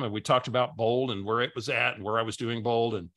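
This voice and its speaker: A male business coach with a bright, clear voice, presenting a webinar. He tells a story casually and often repeats words as he goes. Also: medium pitch, steady tone, fast.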